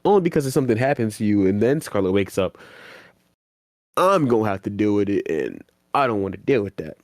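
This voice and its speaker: A man's voice: on the low side, a little fast, no echo, studio quality. Slangy man animatedly recapping anime. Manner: animated retelling, acting out characters' lines in slangy voices. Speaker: podcast co-host. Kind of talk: casual anime recap chat.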